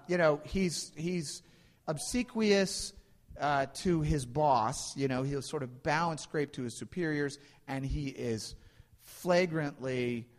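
A man delivering a sermon in a loose, conversational way, stopping often for fillers and restarts. His voice sits a little higher than most men's, and it carries a long echo from the hall around him. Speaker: preacher.

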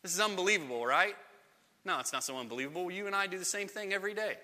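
A man's voice: sits high, expressive, rapid-fire, sharp tone. A man giving a conversational sermon as a pastor, acting out the voices he quotes. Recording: long echo of a large hall.

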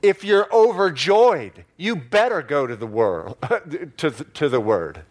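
A man preaching a sermon to a congregation in church, stressing key words by slowing down and repeating phrases. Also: mid-range voice, wildly swooping pitch. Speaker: pastor.

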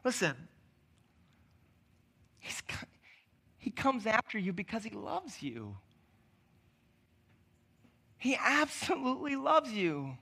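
Male preacher, sermon, very high voice, bright sharp tone, conversational with hushed stretches. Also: sing-song, slow, gravelly, pauses often, husky. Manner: conversational, with many restarts and sudden drops to near-quiet.

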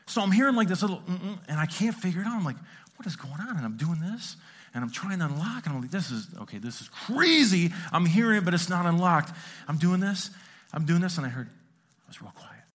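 Animated storytelling man preaching. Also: high-pitched, fast talker. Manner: animated, self-mocking storytelling with acted-out sounds. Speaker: pastor. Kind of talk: storytelling sermon. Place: church sanctuary.

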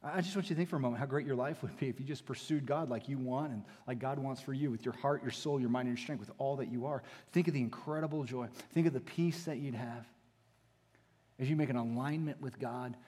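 A man preaching a sermon as pastor, moving between hushed, intimate passages and rising, emphatic exhortation. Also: mid-range voice, fast. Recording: long hall reverb.

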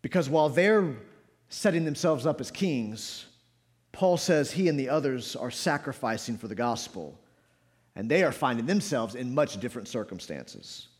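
A man preaching a sermon in a church, swinging between loud shouts and quiet low asides. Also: expressive, moderate pace. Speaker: pastor. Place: church sanctuary.

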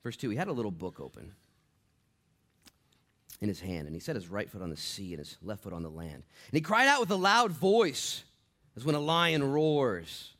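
Animated man preaching a sermon. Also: medium pitch, normal speed. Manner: animated, swings from shouting to hushed asides. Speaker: pastor.

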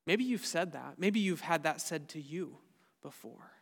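A man's voice: sits high, fairly quick, in a large hall. Man preaching a sermon in a church. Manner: earnest, drops softly at ends of points. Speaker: pastor. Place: church sanctuary.

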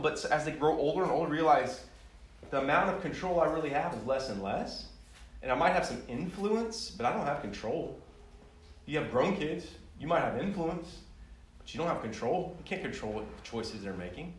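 A man preaching in a relaxed, conversational manner, poking fun at himself and livening up when he tells a story. His voice sits a bit high for a man. It is caught from some distance in a strongly echoing room with a faint hiss behind it. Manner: conversational, self-deprecating, animated when telling stories. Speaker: pastor. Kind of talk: sermon with personal stories. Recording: echoey room heard from a distance.

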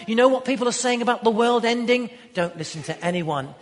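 A man preaching a sermon in an emphatic manner, building to loud declarations. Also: very high-pitched, lively intonation, brisk, hardly any pauses. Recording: long hall reverb.

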